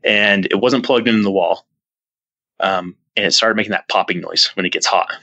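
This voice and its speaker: A man telling a personal story as a podcast guest, earnest and rambling, with many restarts, jumping up in pitch when he acts out his own past lines. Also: moderate pace, vocal fry, pushed and bright, no room sound, lo-fi sound. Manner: earnest, rambling retelling with frequent restarts and fillers. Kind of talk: casual storytelling in an interview.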